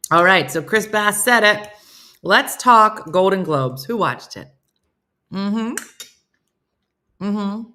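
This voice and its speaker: A woman's voice: low-pitched, sharp tone. A middle-aged American woman hosting a casual live morning show, chatting and joking with viewers by name in a self-mocking way. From United States. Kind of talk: casual live-stream chat reading comments.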